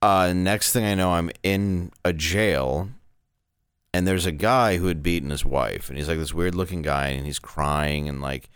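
Deep-voiced man telling candid stories. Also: unhurried, a bit bright, clear, resonant tone, no room sound, clean studio sound. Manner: candid, rambling with fillers. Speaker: stand-up comedian. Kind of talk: casual interview storytelling.

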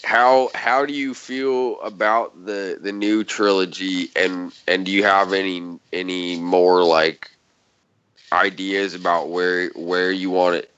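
Rambling, profane low-voiced man. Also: flat delivery, slow pace, fairly bright tone, clear, resonant tone. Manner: profane, rambling, sarcastic storytelling. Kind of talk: casual chat. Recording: dull lo-fi sound.

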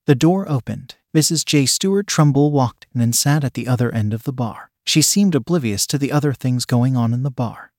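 Male story narrator, even matter-of-fact read, mid-pitched, dry close mic. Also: dry recording.

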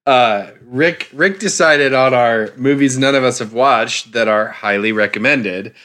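A man in his forties chats casually as a podcast co-host, his voice bright and forward. He is easygoing and laughs often, and his pitch sits in a middle range. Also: unhurried. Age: 40s. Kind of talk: casual chat.

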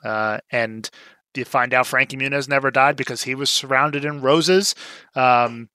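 A young man with a bright, forward voice chats casually as a podcast co-host, walking through a movie's plot. He tosses in dry, sarcastic asides and keeps filling gaps with "um" and "like". His voice sits close and dry, with no room around it. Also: mid-range voice, steady tone, measured pace, clean tone, no echo. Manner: wry, sarcastic asides with frequent fillers. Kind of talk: casual movie recap chat.

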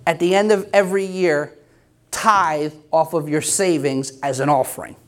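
A man's voice: fairly high pitch, fairly even intonation, normal speed. A middle-aged male pastor preaching an emphatic, conversational sermon with self-deprecating humor.

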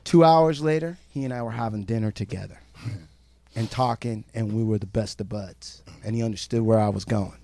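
A man co-hosting a podcast, telling a story in a brash, profane, animated way. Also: lowish voice, brisk. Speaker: podcast co-host. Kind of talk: casual storytelling chat.

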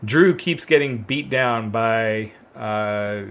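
A man of middle pitch co-hosts a relaxed wrestling podcast. He rambles through his points with frequent fillers and restarts, loose after a few glasses of wine. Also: moderate pace. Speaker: podcast co-host. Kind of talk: casual wrestling chat.

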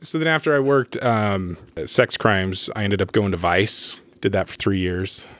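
A man's voice: fairly low pitch, unhurried, fairly bright tone. A man, a detective guest on a podcast, telling his side with wry jokes. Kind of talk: casual chat.

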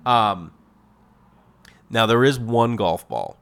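A man's voice: fairly low pitch, slow pace, clean tone. A middle-aged man, hosting a podcast in a comedic, casual monologue that jumps into exaggerated voices. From Massachusetts. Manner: animated storytelling with exaggerated quoted voices. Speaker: podcast host.

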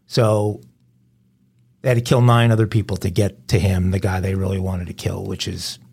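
A man hosting a crime news show, reading headlines in a steady, conversational way with dry asides. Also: deep voice, normal speed, vocal fry, slightly rough. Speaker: host.

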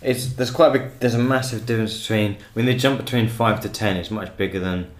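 A man hosting a podcast, talking with fellow comedians in a relaxed way with hesitant restarts. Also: lowish voice, fast talker. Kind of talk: casual podcast interview. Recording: roomy echoey recording.

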